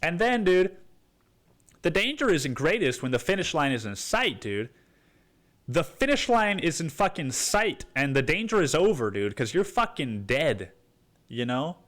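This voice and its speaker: A man's voice: a little high, big pitch swings, measured pace, a bit bright. A man hosting a solo rant podcast, swearing and rambling, saying "dude" all the time. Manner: profane, rambling, says "dude" constantly. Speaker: podcast host. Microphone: podcast microphone.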